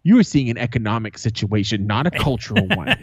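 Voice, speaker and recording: A man's voice: medium pitch, big pitch swings, moderate pace, slightly rough, dry recording. A man in his thirties co-hosting a podcast, telling swearing, laughing stories and acting out his family's lines. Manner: swearing, laughing storyteller who acts out family quotes. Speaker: podcast co-host. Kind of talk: casual chat.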